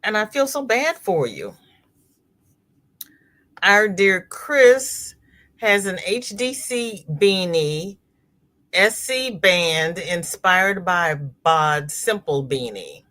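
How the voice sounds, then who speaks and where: A woman hosting a crochet livestream, chatting casually and reading viewers' comments aloud, expressive and often laughing. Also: lowish voice, extremely slow.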